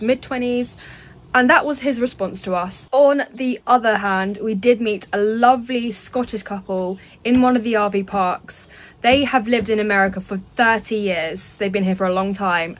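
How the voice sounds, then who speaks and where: A young Englishwoman in her twenties telling a travel story in an animated way, laughing as she goes. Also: medium pitch, rough recording. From England. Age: 20s. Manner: lively, laughing, animated anecdotes. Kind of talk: casual vlog storytelling.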